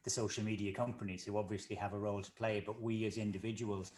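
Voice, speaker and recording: A man hosting a sports business interview, asking thoughtful questions in a measured way with small restarts. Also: lowish voice, little pitch movement, a little mellow, slight background noise. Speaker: host.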